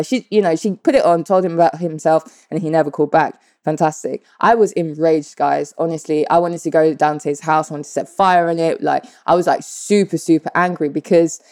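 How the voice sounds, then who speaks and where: Blunt woman, low-voiced storyteller. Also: no room sound, clean studio sound. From United Kingdom. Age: 30s. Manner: animated, blunt and profane, addresses viewers directly. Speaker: vlogger. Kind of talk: candid personal storytelling.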